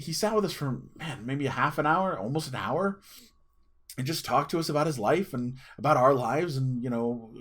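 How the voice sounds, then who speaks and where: A man in his thirties with a medium-pitched, fairly bright voice hosts a channel and tells a personal story casually to camera. He chats and rambles, using fillers and restarting his sentences.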